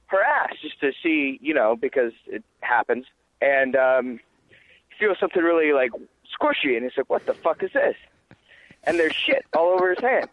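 Male storyteller, crude and rambling, slightly high pitch, muffled dry audio. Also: no room sound. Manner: rambling, crude, acts out yelling. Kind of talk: casual storytelling. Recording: dull lo-fi dry sound.

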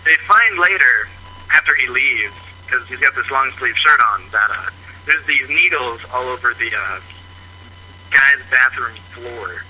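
A man's voice: medium pitch, lively intonation, a little slow, sharp tone, slight background noise. A man from Missouri leaving a rambling voicemail story on a phone line, full of fillers. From Missouri, USA. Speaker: caller.

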